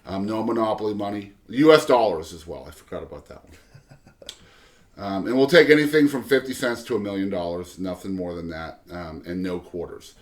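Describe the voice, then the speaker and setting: Guy hosting a music podcast, kinda low voice, rambly and jokey with lots of ums. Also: a little fast. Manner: loose and joking, many um fillers. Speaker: podcast host. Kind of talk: casual show announcements.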